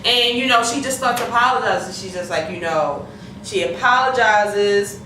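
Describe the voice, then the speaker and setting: A woman hosting a casual TV episode recap, talking in an animated, profane way and acting out the characters' lines. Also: mid-range voice, moderate pace. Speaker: TV recap host. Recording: echoey room, distant mic, faint noise.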